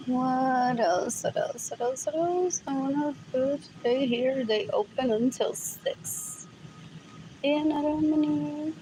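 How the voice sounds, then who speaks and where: A high-pitched woman takes her time as she talks alone on a livestream against a noisy background. She rambles, mutters, says things more than once, and swaps languages in the middle of sentences.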